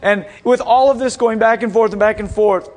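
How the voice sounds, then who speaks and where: A young man preaching through a funny, animated story, acting out quoted voices with bursts of shouting and laughter. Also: high-pitched, moderate pace. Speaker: speaker at a school chapel. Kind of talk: storytelling sermon.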